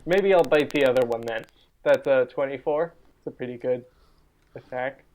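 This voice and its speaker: A man playing a tabletop game, calmly describing what his character does. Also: medium pitch, normal speed, low-quality recording. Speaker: player.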